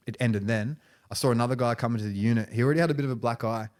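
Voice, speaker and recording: A man's voice: mid-range voice, fairly even intonation, racing. A man, a podcast guest, telling stories in casual conversation, rambling and restarting phrases, with frequent "you know" and "right".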